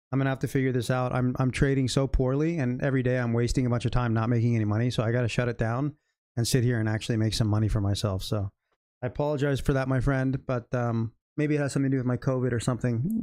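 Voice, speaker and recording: A man's voice: mid-range voice, fairly even intonation, quick pace, darkish tone, dry recording, studio quality. Frustrated, swearing male day trader. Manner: frustrated, swearing, self-critical muttering. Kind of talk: casual live commentary while trading.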